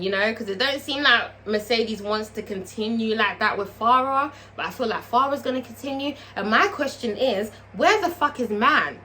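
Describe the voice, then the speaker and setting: A woman's voice: a little high, a little hiss or hum. Chatty, profane woman vlogger. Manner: profane, animated, chatty, asks viewers questions. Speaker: TV show reviewer. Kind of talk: casual vlog recap.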